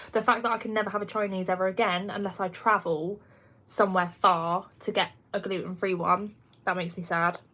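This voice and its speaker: This twenties-aged livestream host speaks in a lowish, slightly bright voice with a Kent English accent. She keeps things casual, responding to comments from viewers and laughing frequently.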